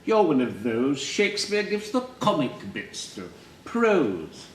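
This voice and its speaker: A man's voice: deep voice, takes it slowly, a little mellow, slight background noise. A man putting on the voice of a prim, disapproving English teacher, with haughty, over-enunciated posh diction. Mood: scolding. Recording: roomy hall, distant mic, faint ambience.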